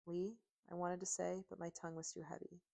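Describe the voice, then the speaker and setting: A woman narrating a first-person audiobook in steady, emotive storytelling on a close mic. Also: on the low side, quick pace, creaky.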